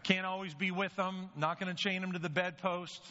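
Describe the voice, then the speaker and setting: A man preaches a sermon in a conversational style, frequently posing rhetorical questions to his listeners. His high voice is brisk, pushed and bright, with little pitch movement, and the recording has the dull lo-fi sound of a reverberant hall.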